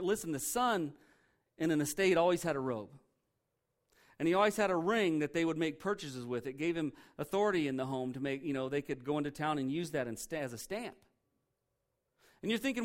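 Speaking a little fast and with animation, the pastor presses his sermon home by repeating central phrases. When he leans on a line, his voice falls quiet and low, earnest throughout.

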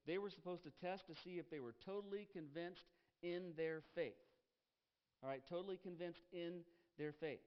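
Pastor, male, slightly high voice, emphatic preaching, repeats key lines, lo-fi headset sound. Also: moderate pace, smooth. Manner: emphatic, repeats key phrases, asks the congregation questions. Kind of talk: sermon.

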